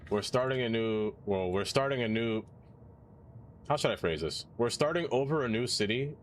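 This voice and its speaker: A male streamer chats casually through his game, playful and reactive, talking half to himself and half to his viewers. His voice sits at an ordinary middle pitch, with a faint hiss of room noise underneath. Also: lively intonation, normal speed. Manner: chatty, playful, reacts out loud. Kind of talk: casual live-stream chat while playing.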